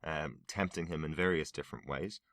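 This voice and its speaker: A man's voice: extremely low pitch, fairly quick, a bit bright, dry recording. A man co-hosting a film review podcast, explaining scenes in an earnest, agreeable way. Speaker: podcast co-host. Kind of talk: casual film review chat.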